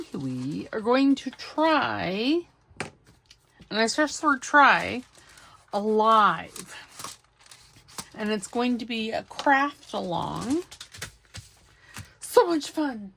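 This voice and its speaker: A woman's voice: on the high side, expressive, takes it slowly, vocal fry, long pauses, a bit bright, a little hiss or hum. A woman hosting a crafting video, chatting casually and rambling as she searches for supplies and corrects herself. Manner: rambling, scattered, self-correcting. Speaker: craft channel host.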